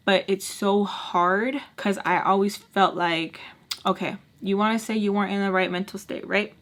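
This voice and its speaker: A young woman chatting through a storytime vlog while doing her makeup, acting out the people in her story with sudden high-pitched bursts. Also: brisk. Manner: chatty, animated, acts out quoted people with big pitch jumps. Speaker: storytime vlogger.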